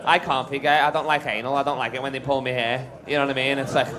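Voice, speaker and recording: A man's voice: mid-range voice, level tone, quick pace. A man doing stand-up comedy at a club, bantering brashly with the crowd and swearing freely. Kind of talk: live stand-up crowd work. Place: comedy club stage with a live audience. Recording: live club recording with crowd.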